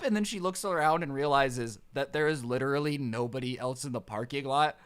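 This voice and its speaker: A young man tells a story to his channel in a sarcastic, animated way. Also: mid-range voice, a little fast, hardly any pauses, clear, resonant tone. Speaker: storytime vlogger. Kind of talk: casual storytelling.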